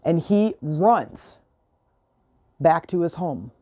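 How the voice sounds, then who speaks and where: A woman's voice: sits low, animated, very slow, warm tone, dry recording. A woman hosting a solo podcast, retelling a film and urging listeners to be grateful, in an earnest, motivational, emotional way, close to the mic. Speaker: podcast host.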